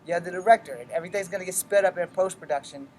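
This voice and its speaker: Rapid-fire and darkish in tone, this mid-range voice comes with a little hiss or hum. The martial arts instructor swears freely and speaks bluntly while explaining each step of a casual weapons drill.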